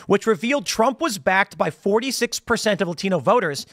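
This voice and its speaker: An American man hosting a political commentary show, telling stories in a rambling, animated way with frequent restarts and laughs. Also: high-pitched, a little fast, no room sound, clean studio sound. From United States. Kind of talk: casual political commentary monologue.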